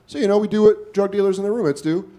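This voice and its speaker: A stand-up comedian in his forties tells a profane, self-mocking story on a comedy club stage, acting out other people's voices. His voice is high-pitched and rapid-fire, and loud crowd laughter and noise fill the recording.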